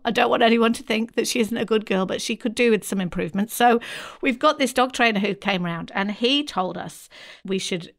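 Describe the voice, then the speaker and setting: An Australian woman co-hosting a podcast, telling stories in an animated casual chat and laughing often. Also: medium pitch. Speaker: podcast co-host.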